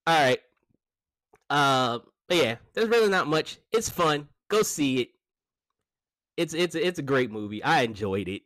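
A man casually reviewing a movie, animated and chatty, laughing often and restarting his sentences. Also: a little high, normal speed, no room sound.

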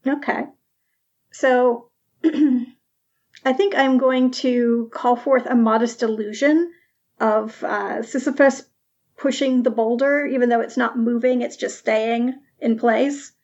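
A woman player in a tabletop role-playing game, relaxed as she explains the rules. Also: on the high side, slow pace, muffled recording.

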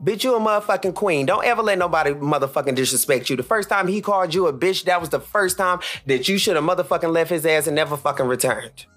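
A man's voice: fast, few pauses, a bit bright, soft background music. Heated, foul-mouthed man in his thirties. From Charlotte, North Carolina. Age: 30s. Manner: blunt, heated, cursing freely, swings pitch up for emphasis. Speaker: podcast host. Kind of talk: profane solo podcast rant.

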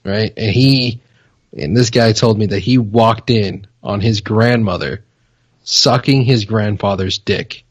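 A man co-hosting a casual sports podcast, teasing and telling jokes deadpan. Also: lowish voice, takes it slowly, slightly rough, dry recording. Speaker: podcast co-host.

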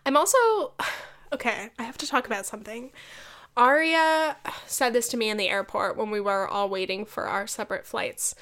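Chatty young woman podcaster, higher voice. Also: normal speed, fairly bright tone. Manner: chatty, lots of "like" fillers, swears, laughs often. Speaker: podcast host. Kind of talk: casual solo podcast chat.

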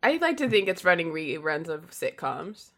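A woman's voice: deep voice, sing-song, moderate pace, a bit bright. A woman playing in a tabletop game, joking and giggling in casual chat. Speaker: player.

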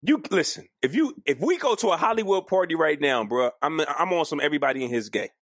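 A man co-hosting a casual podcast, animated and argumentative, often jumping up in pitch for emphasis. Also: fast talker, no echo, clean studio sound. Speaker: podcast co-host.

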